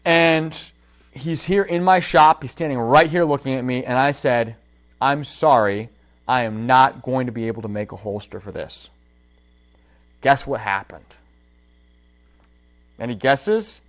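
A man's voice: medium pitch, measured pace, pauses often. A man hosting a casual livestream, telling a story from his workshop and talking straight to his viewers. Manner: animated storytelling, addresses viewers directly. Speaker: holster maker and livestream host.

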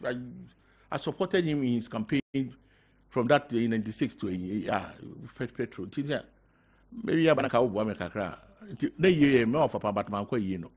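An older man with a Ghanaian accent, talking as a guest on a talk show, halting and mixing in local words. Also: mid-range voice. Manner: halting, mixing in local words, growing loud when telling a story. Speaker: guest party member. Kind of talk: casual talk show interview.

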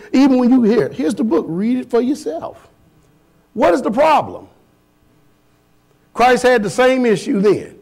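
A man preaching a sermon as pastor, firing blunt rhetorical questions at his congregation in a folksy, emphatic way. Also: sits high.

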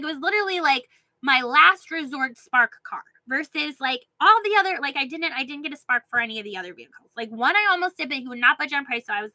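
Woman vlogger, high and bright, chatty rant, dry close sound. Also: no room sound, poor audio. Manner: chatty, filler-heavy, laughs while telling. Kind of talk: casual storytelling rant.

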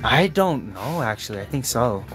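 A man's voice: mid-range voice, big pitch swings, normal speed, over music. A man co-hosting a live online sale in a laid-back way, reading viewers' comments aloud. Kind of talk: casual live-stream chat. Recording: noisy room with clicks.

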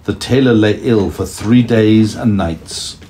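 A man reading a storybook aloud to his young child at home, gently pausing to ask questions. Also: fairly low pitch, slight background noise. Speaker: parent telling a story to a toddler.

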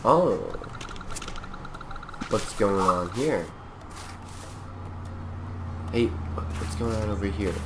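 Lower-voiced man, goofy game commentary. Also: expressive, very slow, long pauses, background noise. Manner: playful, rambling, mock-serious speeches. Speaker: gameplay video creator. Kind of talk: goofy in-character gameplay commentary.

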